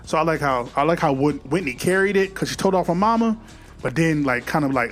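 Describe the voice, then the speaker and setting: A man's voice: on the high side, quick pace, soft background music. Slangy man recapping a movie. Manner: loose slangy storytelling, acting out quotes. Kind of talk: casual movie recap commentary.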